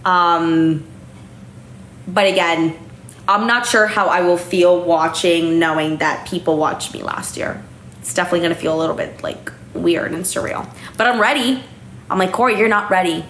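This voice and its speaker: This livestream host, a young woman at home, talks casually and a little tipsily, swearing easily and using many fillers. She has a fairly low, fairly bright voice at a moderate pace, with room echo and faint background noise.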